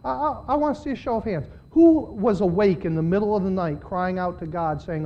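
A man preaching a sermon to his church, swinging between loud, pleading passages and quiet asides. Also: sits high, a little fast, slight background noise. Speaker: pastor. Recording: dull lo-fi sermon recording.

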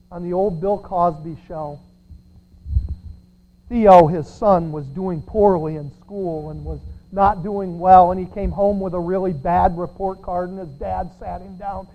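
A pastor preaching a sermon, sarcastic, swinging from shouts to quiet asides. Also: medium pitch, steady tone, measured pace, lo-fi sound. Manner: sarcastic, swinging between shouts and near-whispers.

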